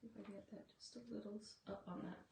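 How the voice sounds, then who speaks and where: A woman runs a casual live craft demo from her shop, chatting with viewers, calling them "guys," and dropping in frequent asides. Her voice is medium-pitched with fairly even intonation, very fast and with vocal fry. She sits distant from the mic, so there's a roomy echo and faint noise.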